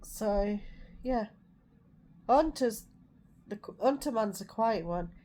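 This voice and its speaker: A middle-aged woman and mother talking casually in a home vlog, with a calm, soothing way of speaking. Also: a little high, takes it slowly. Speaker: vlogger and mother.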